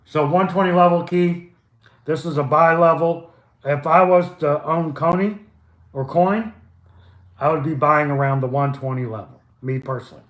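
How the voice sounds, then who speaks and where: A man's voice: fairly high pitch, fairly even intonation, moderate pace, a bit bright, reverberant. An older man casually hosting a live stock chart stream from home, loose and chatty, wandering into stumbles and asides. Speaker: stock chart livestream host.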